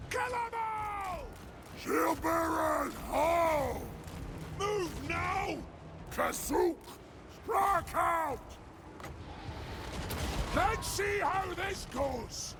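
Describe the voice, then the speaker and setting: A man voicing gruff male dwarf soldiers who bark short battle cries, as video game unit voice lines. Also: very high voice, full character voice. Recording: loud battle noise behind.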